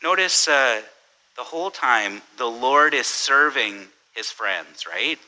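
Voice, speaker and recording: Pastor guy giving a chatty sermon, really bright tense voice, keeps saying right?. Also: mid-range voice, lively intonation, slow pace, poor audio. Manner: conversational, self-correcting, tells jokes with quoted voices; repeats words and asks "right?". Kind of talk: sermon with humorous story.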